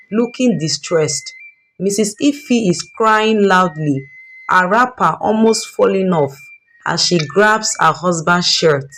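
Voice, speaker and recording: A woman narrating a dramatic family story in an expressive, scripted way. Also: fairly low pitch, slow pace, slight background noise.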